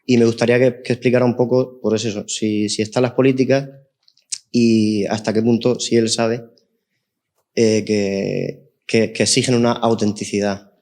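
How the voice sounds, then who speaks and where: A man's voice: on the low side, little pitch movement, fairly quick, a little mellow. A man in the audience asking a question, hesitant and searching for his words.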